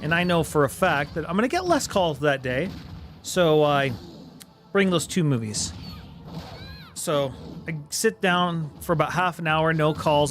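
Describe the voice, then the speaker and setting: A man with a fairly high voice tells a long anecdote to his stream audience. He talks casually and animatedly, slipping into quoted voices. Soft music plays faintly underneath. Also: normal speed. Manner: animated storyteller, voices the people in his tale. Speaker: streamer host.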